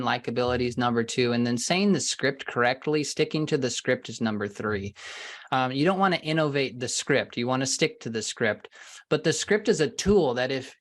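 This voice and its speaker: A man being interviewed as a sales trainer over a video call, talking in an animated, emphatic way. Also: medium pitch. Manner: animated and emphatic, stressing words for effect. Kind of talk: interview answers.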